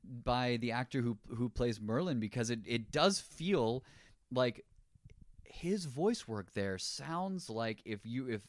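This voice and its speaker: A man talks through a film with a friend in an easy, casual way. His pitch leaps around as he gets animated and now and then acts out a line. The sound is dry and close, with no room around it. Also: takes it slowly, dry recording. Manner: animated, laughs often, acts out quoted lines. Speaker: podcast co-host. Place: living in a city.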